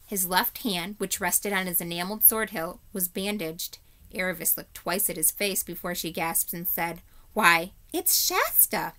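A woman teacher reading a chapter book aloud to young children, with clear, steady storytelling. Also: on the low side, moderate pace.

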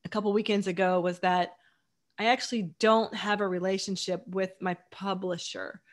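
A woman's voice: mid-range voice, steady tone, moderate pace. A woman author as a guest, chatting casually and enthusiastically in long run-on sentences. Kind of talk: casual chat.

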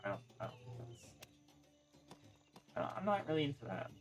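A man's voice: a little high, sing-song, fairly quick, soft background music. Rambling young man telling a story. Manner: rambling storyteller, swears freely, restarts often. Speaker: gaming streamer. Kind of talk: casual chat while playing.

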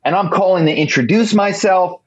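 A middle-aged man, an author guest, telling stories in an animated way, repeating phrases and building them up dramatically. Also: high-pitched, fairly quick, slightly rough. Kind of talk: storytelling interview talk. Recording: slightly dull lo-fi sound.

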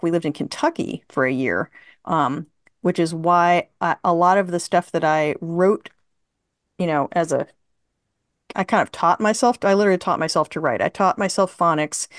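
A talkative woman in her fifties, a writer being interviewed, who tells long anecdotes full of fillers and restarts. Her voice sits a bit low. The sound is dry, with almost no room reflection. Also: normal speed, no room sound. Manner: chatty storyteller, laughs often, many fillers. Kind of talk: casual conversation.

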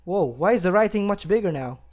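A man's voice: high-pitched, expressive, brisk, a little mellow. A man commentating a horror game playthrough, jumpy and easily startled, gasping, yelping and laughing nervously as he plays. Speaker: let's play gamer.

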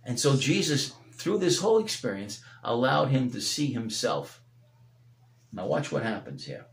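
A man preaching a sermon as pastor, swinging between loud emphatic peaks and hushed low passages. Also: sing-song, a little slow, creaky, reverberant. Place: church sanctuary.

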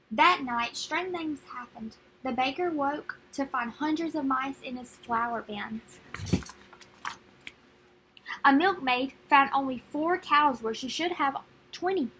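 A young woman reading a children's picture book aloud, friendly and expressive. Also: high voice, a little hiss or hum, low-quality recording. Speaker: read-aloud narrator.

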